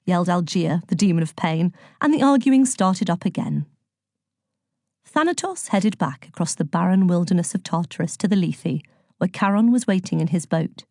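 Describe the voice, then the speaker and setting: A woman narrating a storybook in a clear, measured reading voice. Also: on the low side, animated, a little mellow, dry recording, clean studio sound. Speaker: audiobook narrator.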